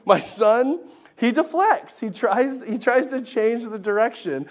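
A male pastor preaching a sermon in a chatty, animated way with laughing asides. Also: extremely high pitch, unhurried.

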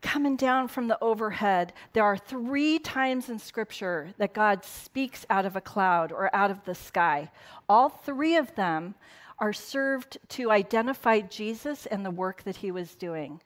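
A middle-aged woman pastor preaches in a loose, talky way, trailing off into asides and chuckles. Her pitch sits in the middle for a woman. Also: animated, measured pace. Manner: conversational, laughing asides, quotes in put-on voices. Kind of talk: casual sermon.

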